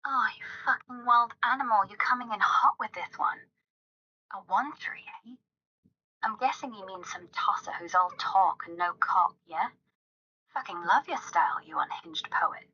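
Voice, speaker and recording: A woman's voice: mid-range voice, bright, forceful tone, slightly rough, lo-fi sound. A synthetic woman's voice as a crude foul-mouthed AI chatbot. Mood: brash. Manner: brash, rapid-fire raunchy banter.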